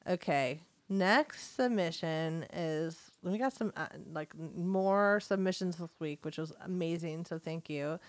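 A woman's voice: lowish voice, no room sound. Giggly woman podcast co-host, dry sound. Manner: giggly, chatty. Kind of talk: casual chat, reading listener submissions.

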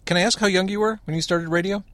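A man's voice: high-pitched, steady tone, quick pace, over a noisy crowd. A man asking easygoing questions in a casual chat. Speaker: interviewer.

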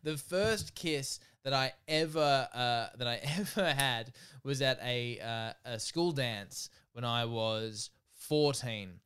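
A young man co-hosting a podcast, easygoing and teasing as he recounts stories. His voice is smooth and clear at an average pitch. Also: takes it slowly, hardly any pauses, fairly bright tone. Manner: laughing, teasing, easygoing storyteller. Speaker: podcast co-host. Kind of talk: casual podcast chat.

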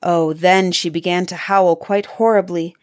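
A woman reading a fairy tale aloud as storyteller, expressive with dramatic pauses. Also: on the low side.

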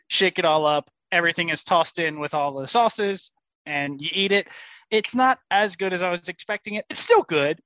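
A man co-hosting a casual podcast, relaxed as he tells a story and quick to laugh. His voice is bright and clear, and the recording sounds dry and close. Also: on the high side, no echo, poor audio. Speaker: podcast co-host. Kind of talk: casual chat.

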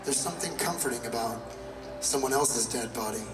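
A man's voice: medium pitch, a little fast. A man telling a personal story on stage as a motivational speaker, candid and confessional, now and then swearing. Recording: echoey hall from far off with loud music.

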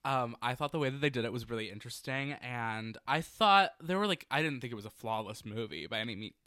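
A man's voice: mid-range voice, expressive, fast, sharp tone, clear, resonant tone, no room sound, studio quality. A young man co-hosting a casual podcast, enthusiastic and rambling, with lots of "like". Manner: enthusiastic, rambling, heavy use of "like". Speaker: podcast co-host. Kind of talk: casual chat.

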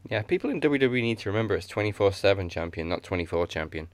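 A man's voice: lowish voice, animated, fast talker. A man in a casual wrestling chat, dropping dry one-liners.

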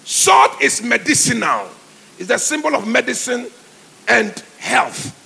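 Male pastor, high gravelly preaching voice, forceful, call-and-response sermon, faint music behind. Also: lively intonation, measured pace. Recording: live church sermon with music underneath.

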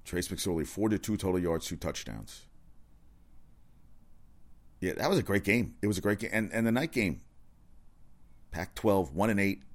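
A man giving a casual, rambling sports rant, excitable and profane, often correcting himself. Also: deep voice, moderate pace, pauses often. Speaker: sports commentator.

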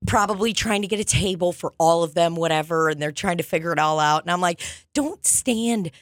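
A woman comedian chatting casually on a podcast, telling profane, animated stories. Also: on the low side, fast talker, no room sound, clean studio sound.

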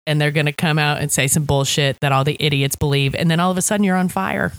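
Woman podcast co-host, lowish voice, wry casual recap, laughs a lot. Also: steady tone, fast talker. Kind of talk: casual chat.

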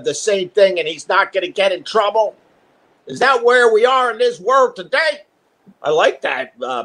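A man's voice: sits high, fairly bright tone. A middle-aged man, a radio host on a live stream from home, rambling and profane in casual chat.

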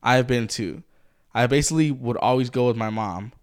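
A man's voice: mid-range voice, normal speed, smooth. A man co-hosting a podcast in casual chat, blunt and swearing constantly, with lots of "like". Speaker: podcast co-host.

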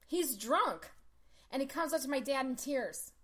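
Chatty, bright-voiced woman telling stories. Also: high-pitched, a little slow. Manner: animated storyteller, lots of "like" fillers. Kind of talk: casual chat.

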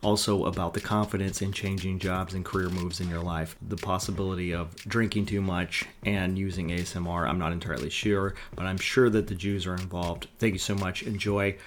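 A man's voice: low-pitched, flat delivery, brisk, few pauses, a little hiss or hum. A man hosting a casual podcast chat with friends at home, joking and rambling. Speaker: podcast host.

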